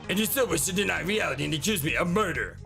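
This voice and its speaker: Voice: medium pitch, lively intonation, fast talker, vocal fry, sharp tone, faint music behind. A game streamer voicing an arrogant foreign male ambassador with a put-on foreign accent, dismissive and haughty.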